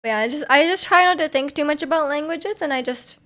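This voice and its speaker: Young woman streamer, chatty and giggly, rambling with restarts, slightly high voice. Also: quick pace, fairly bright tone. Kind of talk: casual chat with live chat.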